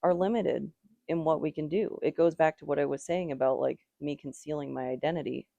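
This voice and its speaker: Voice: mid-range voice, a little fast, gravelly, warm tone, dry recording, dull audio. A tarot reader giving a casual, rambling reading, with strong opinions and lots of "like" fillers.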